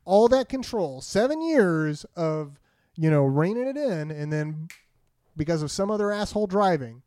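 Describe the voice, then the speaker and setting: A man in his thirties casually telling animated stories among friends, swearing freely. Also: fairly high pitch, normal speed, no echo. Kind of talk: casual profane banter.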